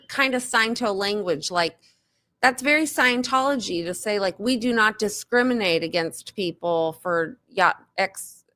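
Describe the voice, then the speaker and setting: A woman co-hosts a casual livestream chat in an ordinary mid-range voice. She thinks aloud, pausing and restarting her sentences as she works through a point. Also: medium pitch, sharp tone. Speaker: co-host.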